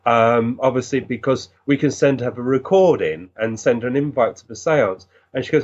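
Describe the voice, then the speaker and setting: Male guest, earnest animated storyteller, mid pitch, lo-fi dull audio. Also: normal speed, hardly any pauses. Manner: earnest, animated, recounting with many restarts. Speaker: guest, physical medium. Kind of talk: storytelling in conversation.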